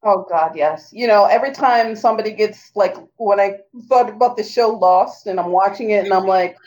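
A woman's voice: medium pitch, normal speed, hardly any pauses, darkish tone, low-quality recording. A middle-aged woman in casual chat who laughs often and slips into playful mock voices.

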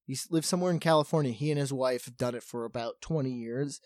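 A man's voice: mid-range voice, fast talker, a little mellow, no room sound. Man, podcast co-host, rambling storyteller, many fillers, dry close mic. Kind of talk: casual chat.

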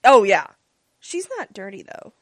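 A woman's voice: medium pitch, big pitch swings, unhurried, dry recording. Chatty woman with a dry close sound. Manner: rambling, lots of fillers and laughs. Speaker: podcast co-host recapping a TV episode. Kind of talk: casual chat.

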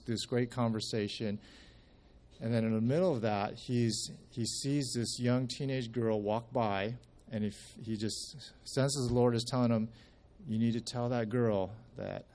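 A man with a lowish, darkish voice shares a casual testimony at a church service. He tells his story conversationally, restarting often and acting out the quoted speech.

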